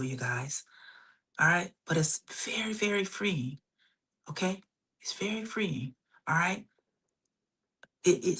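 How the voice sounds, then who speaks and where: A middle-aged woman therapist hosting a live stream, repeating phrases, checking in often with "okay?", and slowing down softly to guide breathing exercises. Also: medium pitch, vocal fry, slightly rough. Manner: repeats phrases, frequent "okay?" and "you guys" check-ins; slows and softens for relaxation exercises.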